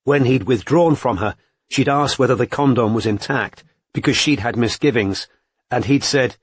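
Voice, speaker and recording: Husky male narrator, dry close sound, even audiobook reading. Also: mid-range voice, normal speed, no echo. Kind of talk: scripted narration.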